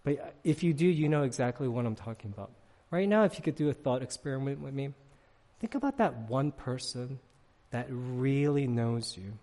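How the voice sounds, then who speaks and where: A man's voice: mid-range voice, normal speed, in a large hall. Conversational man preaching a sermon. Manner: conversational, animated storytelling with frequent "right?" asides. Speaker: pastor. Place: church sanctuary.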